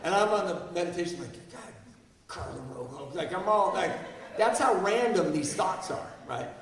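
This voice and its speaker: A man's voice: high-pitched, animated, normal speed. A man in his sixties telling a candid, self-deprecating personal recovery story to an audience, asking them questions as he goes. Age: 60s. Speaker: guest speaker. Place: large hall before an audience. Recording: echoey hall, mic far off.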